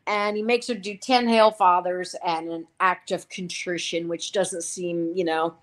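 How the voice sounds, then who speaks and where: A woman's voice: lowish voice, steady tone, measured pace. A woman co-hosting a show, casually recapping TV episodes in a rambling way, full of fillers and quoted lines. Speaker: podcast co-host reviewing a TV series.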